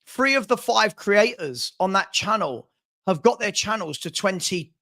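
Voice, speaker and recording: A man's voice: high voice, animated, measured pace, gravelly, pushed and bright. A man hosting a football channel, venting on a live stream with stammering restarts and repeated phrases. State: frustrated.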